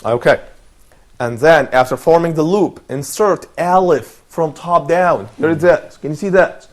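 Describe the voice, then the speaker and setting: A man's voice: a little high, unhurried. Patient man teaching Arabic sounds. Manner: patient, explains step by step, repeats sounds for students to echo. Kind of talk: teaching pronunciation on a TV panel.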